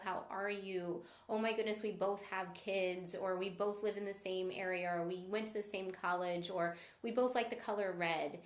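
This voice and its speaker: Leading a sales training over livestream, this woman coach keeps things upbeat and encouraging, pausing mid-talk to say hello to viewers. Her voice is middle-pitched and carries the echo of the room around her.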